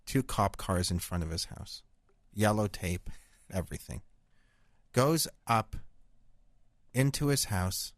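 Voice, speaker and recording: A man hosting a podcast, spinning a crude, rambling tall tale in a deadpan, profane way. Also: fairly low pitch, slow, pauses often, dry recording. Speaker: podcast host. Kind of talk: crude comedic storytelling.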